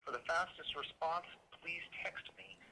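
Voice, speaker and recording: A realtor giving a slow, polite recorded voicemail greeting, heard over a phone line. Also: male voice, a little high, over a noisy crowd.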